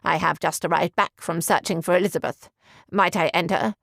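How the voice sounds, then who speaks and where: A woman doing a low, heavy-hearted gentleman. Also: steady tone, a little fast, creaky, no room sound, studio quality. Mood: strained. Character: grave, lovesick young gentleman.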